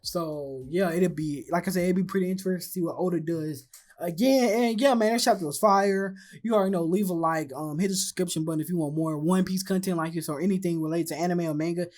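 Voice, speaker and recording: A man's voice: sits high, fast, darkish tone. A man hosting his own channel, chatting casually with frequent ums, restarts and stutters. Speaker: anime channel host. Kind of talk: casual commentary.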